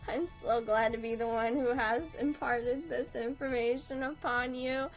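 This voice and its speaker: A woman's voice: high-pitched, fairly even intonation, slow pace, a bit bright, soft background music. A young woman chatting casually on a live stream while drawing, swearing freely and laughing through her sentences. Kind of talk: casual livestream chat.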